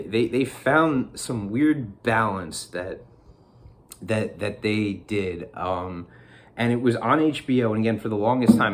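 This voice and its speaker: A man, maybe in his thirties and from New Jersey, talking casually to camera in a rambling, excitable way, full of restarts and laughs. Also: lowish voice. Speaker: vlogger.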